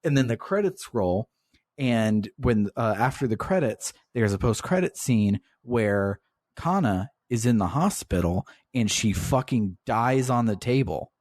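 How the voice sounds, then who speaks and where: A man's voice: mid-range voice, expressive, measured pace, darkish tone, no echo, studio quality. A man hosting a podcast, casually retelling a video game's story and swearing freely as he goes. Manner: swears casually while recounting the plot. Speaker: podcast host.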